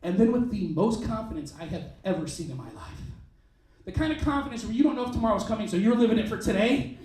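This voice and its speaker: Animated stand-up comic man, echoey club. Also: high voice, far from the mic. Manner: animated, acts out characters in quick bits. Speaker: stand-up comedian. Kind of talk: stand-up comedy set. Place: comedy club stage. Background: audience laughter.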